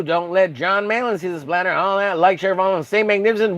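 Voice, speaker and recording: Young guy streaming while he paints, rambly crude banter with chat, voice a bit on the high side. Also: quick pace, hardly any pauses, fairly bright tone, no echo, highs cut off. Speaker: livestreaming painter. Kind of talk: casual livestream chat.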